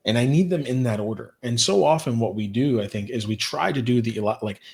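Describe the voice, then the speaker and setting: A man who co-founded a youth program, explaining ideas as a guest in an animated way with lots of "like" asides. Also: medium pitch, fast, gravelly. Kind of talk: podcast interview.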